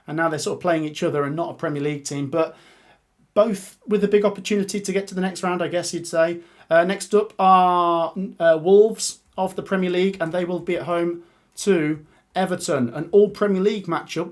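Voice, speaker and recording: A man hosting a live watch-along stream, chatty and excitable, laughing often as he reads out and reacts to the draw. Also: sits high.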